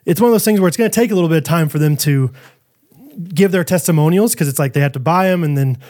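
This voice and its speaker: A man's voice: fairly high pitch, quick pace, a little mellow. A man co-hosting a podcast, chatting casually with enthusiasm and teasing his co-host. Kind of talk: casual chat.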